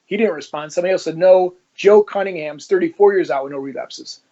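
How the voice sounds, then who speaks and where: A man's voice: high-pitched, fast talker, muffled recording. A man who is a former police officer, telling his story in an interview and acting out the dialogue as he goes. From Ohio, United States. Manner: animated storyteller who acts out quoted dialogue.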